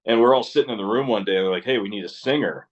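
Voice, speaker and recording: Deep-voiced man telling stories, swearing. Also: fast, gravelly, lo-fi sound. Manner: rambling storyteller, swears freely, laughs often. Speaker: interview guest, musician. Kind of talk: casual interview chat.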